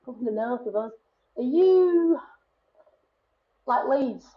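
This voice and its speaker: Northeast English woman, 30s, bubbly chatty guest, slightly high voice, muffled podcast audio. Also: slow. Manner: chatty, animated, laughs often. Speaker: guest performer. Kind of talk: casual podcast chat.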